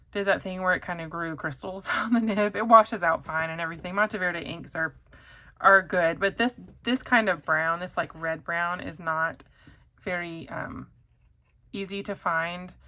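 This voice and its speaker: A woman's voice: mid-range voice, pushed and bright. A woman chatting casually to camera as a pen reviewer, rambling with many ums and likes.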